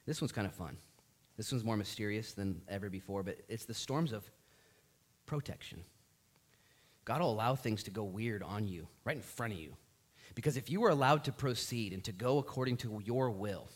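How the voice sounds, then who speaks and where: A male pastor delivers a sermon with lots of rise and fall in his voice. He tells the story in an animated way and acts out the lines of the people in it. He sounds like he is speaking in a church. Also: on the low side, normal speed.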